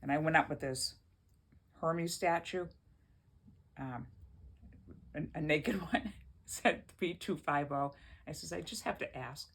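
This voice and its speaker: A woman's voice: low voice, slow, long pauses. A woman vlogging from her home in a rambling, chatty way, often laughing as she talks. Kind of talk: casual chat to camera.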